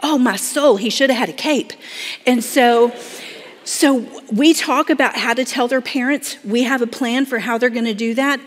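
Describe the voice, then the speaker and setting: Woman storytelling in an echoing hall. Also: on the high side. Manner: dramatic, acts out quoted voices. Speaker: speaker telling a story to an audience. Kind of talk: emotional storytelling talk. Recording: long hall reverb.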